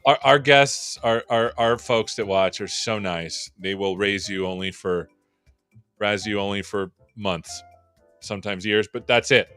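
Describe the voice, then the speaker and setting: A man's voice: lowish voice, measured pace, fairly bright tone, smooth, soft background music. A man hosting a live tech stream, chatting and joking about himself, his voice run through a vocal processor. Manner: joking, self-deprecating, chatty. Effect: vocal processor echo. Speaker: host. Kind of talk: casual livestream banter.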